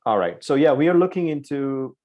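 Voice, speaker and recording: A man's voice: mid-range voice, lively intonation, brisk, warm tone, dull audio. A man teaching an online programming class, explaining step by step and checking in with "right?" after each point. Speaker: programming instructor. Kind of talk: live online coding lesson.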